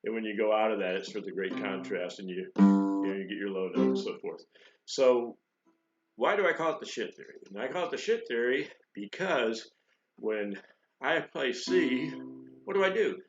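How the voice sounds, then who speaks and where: Brief: low-voiced New man, joking guitar teacher, roomy lo-fi recording. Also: normal speed. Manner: rambling, joking, with frequent fillers and restarts. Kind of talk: casual spoken guitar lesson. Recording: echoey room, dull lo-fi sound.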